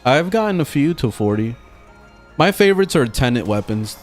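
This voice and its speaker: Casual male streamer, mid-pitched, animated storyteller who swears freely, faint game music behind. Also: normal speed. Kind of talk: casual gaming stream chat.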